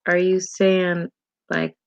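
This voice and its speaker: Low, slow-talking woman streamer. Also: smooth, dry recording. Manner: relaxed, chatty, with frequent ums and pauses. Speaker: livestream host. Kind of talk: casual livestream chat, reading viewer comments.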